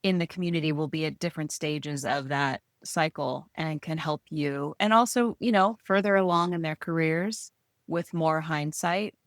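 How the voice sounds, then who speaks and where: A woman's voice: low-pitched, moderate pace, no room sound, clean studio sound. A woman co-hosting a podcast about art, speaking in a thoughtful, encouraging way. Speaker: podcast co-host. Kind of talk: casual chat.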